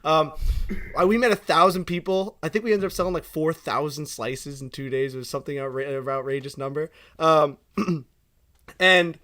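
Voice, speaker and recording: A young man co-hosting a casual podcast chat, telling stories with a bright, forceful edge in his voice. He swears freely and gets loud and animated when he is worked up. His voice sits a bit high for a man. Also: moderate pace. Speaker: podcast co-host.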